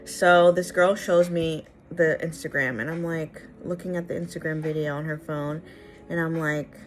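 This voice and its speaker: A young woman tells a personal story straight to camera, acting out each line of dialogue with exasperated asides. Her voice sits on the low side for a woman. Faint music plays softly behind her. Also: normal speed. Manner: animated, acts out the dialogue. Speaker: vlogger.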